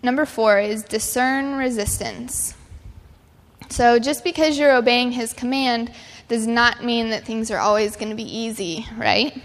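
A woman's voice: on the high side, a bit bright. A young adult woman giving a sermon-style talk, telling stories earnestly with casual fillers. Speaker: speaker. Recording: long hall reverb.

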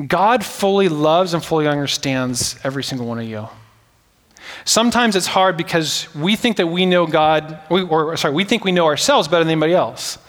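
A man's voice: on the high side, a bit bright. A man in his thirties preaching a casual, joking sermon as pastor, full of fillers like "like" and "right?". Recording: hall reverb.

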